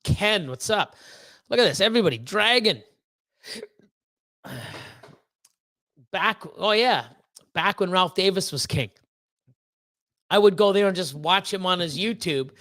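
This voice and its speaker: A man's voice: high voice, lively intonation, a little slow, long pauses, pushed and bright, no echo. A man hosting a casual livestream, talking in a rambling way full of fillers, restarts and swearing, and reading out chat messages. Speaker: livestream host.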